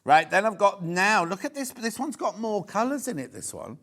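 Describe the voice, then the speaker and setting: A man's voice: high voice, very animated, moderate pace, a bit bright. A man with a Yorkshire accent presenting a live shopping show, gushing and rambling in easy chat. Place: TV studio.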